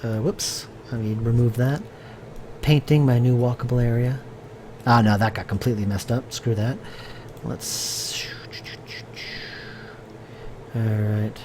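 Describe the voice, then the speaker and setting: Unhurried and fairly even in intonation, a man with a mid-range voice offers casual commentary while live-streaming his game development, against background noise. He rambles as he thinks aloud, using fillers and restarts and responding to viewer chat.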